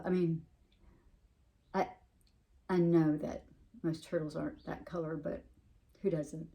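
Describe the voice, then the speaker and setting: A woman's voice: lowish voice, steady tone, moderate pace, darkish tone. A woman with a Southern US accent chatting casually as she shows her stitching projects, rambling with frequent restarts and fillers. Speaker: cross-stitch vlogger. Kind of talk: casual show-and-tell chat.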